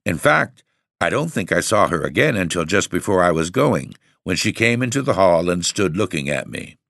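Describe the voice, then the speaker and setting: A man reading a first-person story as narrator, in a measured, composed way. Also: sits low, very animated, gravelly, a bit bright, dry recording, clean studio sound.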